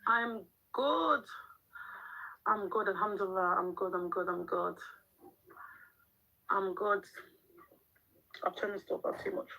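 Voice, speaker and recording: A woman's voice: medium pitch, takes it slowly, gravelly, long pauses, sharp tone, poor audio. A middle-aged woman, chatting frankly on a live stream as a mum, laughing often and answering the chat. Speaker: livestream host and mum. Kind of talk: casual live-stream chat reading viewer comments.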